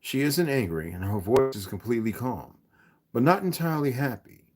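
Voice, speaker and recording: A man reading a romance novel aloud, expressive and occasionally correcting himself. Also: mid-range voice, normal speed. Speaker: reader.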